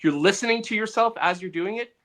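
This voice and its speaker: A man's voice: high-pitched, fairly quick, a bit bright. A man co-hosting a comedy podcast, rambling in casual, profane banter.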